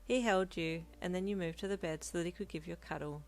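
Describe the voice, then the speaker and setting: A woman reading a second-person romance story aloud with calm, even pacing. Her voice sits on the lower side for a woman. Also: fast. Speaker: narrator.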